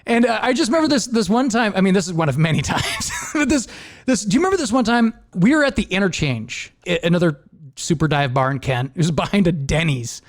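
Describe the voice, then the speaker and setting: A man's voice: high-pitched, animated, fast talker. A young adult man hosting a podcast, telling a rambling story in casual chat and laughing often. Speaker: podcast host.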